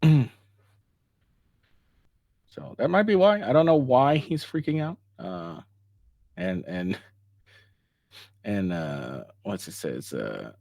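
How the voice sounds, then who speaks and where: A man's voice: on the low side, expressive, takes it slowly, gravelly, long pauses, warm tone, no echo, clean studio sound. A man giving casual, rambling commentary, full of swearing, fillers and restarts, and mocking when he paraphrases others. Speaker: online commentator.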